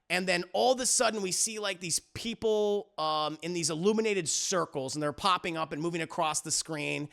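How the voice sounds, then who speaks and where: A man's voice: on the high side, gravelly, sharp tone. A man recapping a music series for his live chat in a casual, profane, rambling way, acting out the characters' lines as he goes. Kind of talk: animated casual recap with acted-out quotes.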